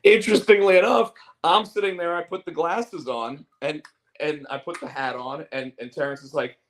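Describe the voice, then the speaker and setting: Gravelly man rambling in casual chat. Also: on the high side, moderate pace, slight background noise. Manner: rambling, repeats words, animated storyteller. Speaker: podcast host and comic artist.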